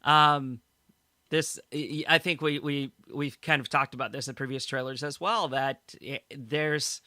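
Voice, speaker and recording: A man's voice: fairly high pitch, steady tone, a little slow, bright, forceful tone, no room sound. A man co-hosting a casual fan podcast, summarizing news stories and laughing easily. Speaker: podcast co-host.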